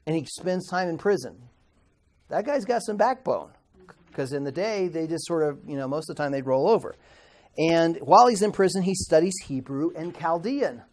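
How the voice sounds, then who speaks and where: A man's voice: on the high side, lively intonation, moderate pace, darkish tone. A middle-aged man teaching a classroom history lecture in a conversational way, asking the class questions and stumbling over hard words. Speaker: Bible institute teacher.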